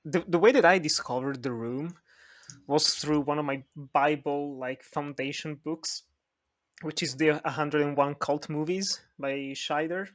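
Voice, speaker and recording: Chatty male podcast host, a bit high. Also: unhurried, fairly bright tone. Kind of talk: casual chat.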